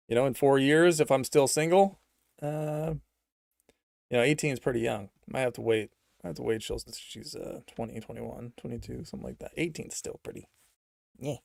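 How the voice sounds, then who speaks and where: Gravelly sarcastic man streaming. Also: medium pitch, a little mellow, no room sound, clean studio sound. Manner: sarcastic, rambling, with mock-anxious rapid questions. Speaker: livestream host. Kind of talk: livestream commentary reading chat.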